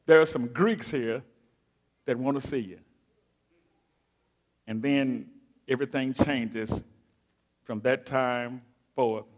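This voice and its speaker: A middle-aged man preaching a sermon as pastor, moving from quiet asides to loud declaimed scripture and calling out to his congregation. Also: medium pitch. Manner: call-and-response preaching, swings from soft asides to loud declaiming. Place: church sanctuary.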